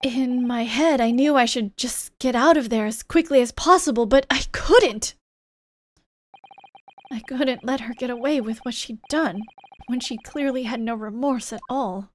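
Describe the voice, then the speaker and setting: A woman's voice: fairly high pitch, measured pace, lightly acted. A woman voicing a sly young male reporter in a game, confessing earnestly and flaring up defensively.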